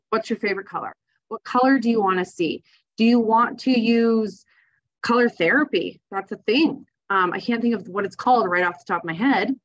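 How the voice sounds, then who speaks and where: A woman presents landscape design ideas in a casual, enthusiastic way, chatting through her slides with frequent fillers. Her voice sits at an ordinary middle pitch. The recording sounds dull and lo-fi. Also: a bit bright.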